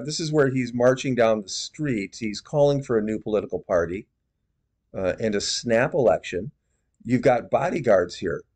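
A man giving measured, disapproving commentary on religious video clips. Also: mid-range voice, a little mellow.

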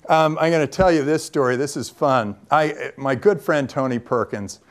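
A man who is a venture capitalist, telling lively anecdotes in a talk to students, with frequent ums and restarts. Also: fairly high pitch, normal speed. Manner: lively storyteller who acts out quoted dialogue.

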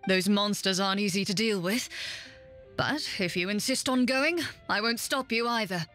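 A woman's voice: mid-range voice, normal speed, fairly bright tone, soft background music, natural voice. A woman voicing a stern wounded guard captain. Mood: weary. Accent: French. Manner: gruff, suspicious, clipped demands.

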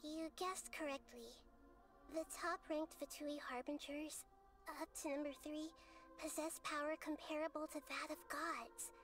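Girlish goddess, game character, high voice, soft and measured, faint music behind. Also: steady tone. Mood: calm. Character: small wise girlish goddess, gentle and calm. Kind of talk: game voice acting.

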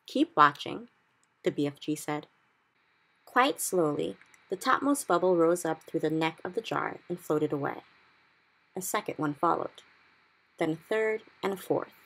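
A woman reading a children's book aloud in steady narration. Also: deep voice, moderate pace, breathy edge. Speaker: reader. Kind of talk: storybook read-aloud.

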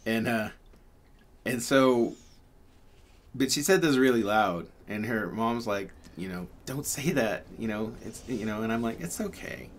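The host of a pyrography channel tells a story in a fairly low, unhurried voice. He rambles casually and chats along, dropping in plenty of fillers and laughter.

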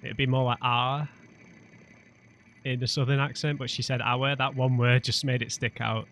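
A man's voice: medium pitch, level tone, fairly quick, a bit bright. Guy chatting through a game, wry asides, faint hum behind. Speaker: let's play gamer. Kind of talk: casual gameplay commentary.

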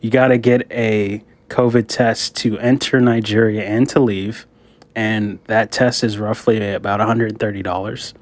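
A man's voice: on the low side, flat delivery, a little slow. A man in a casual podcast chat, telling a travel story in a laid-back way and saying "dude" a lot. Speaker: podcast co-host.

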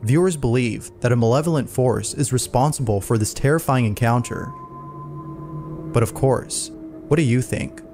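A man narrating a scary video compilation from a script, his voice at a middle pitch. He keeps his delivery even and measured. Music plays clearly under his voice. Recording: narration over background music.

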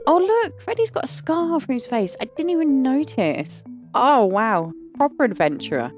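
A woman hosting a gaming channel, giving excitable let's-play commentary with gasps and gushing. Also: sits high, moderate pace, music in the background.

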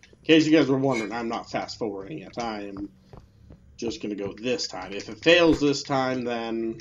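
A man doing let's play commentary who gets frustrated, swears and yells at the game. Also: medium pitch, expressive, normal speed, muffled recording, a little hiss or hum. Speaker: gameplay commentator. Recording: game music behind the voice.

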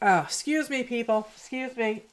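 A woman hosting a casual art livestream, chatting softly and greeting viewers by name as she paints. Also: on the high side, moderate pace, noisy background.

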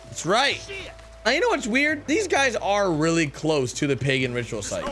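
A young man giving excitable gameplay commentary, calling out to his viewers and exclaiming at what he finds. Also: high voice, normal speed. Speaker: gaming YouTuber.

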